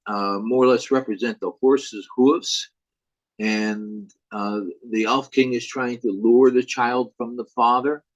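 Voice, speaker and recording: A man's voice: on the low side, no room sound, muffled recording. A man teaching a recorded music lecture, speaking hesitantly with frequent fillers. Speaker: music instructor.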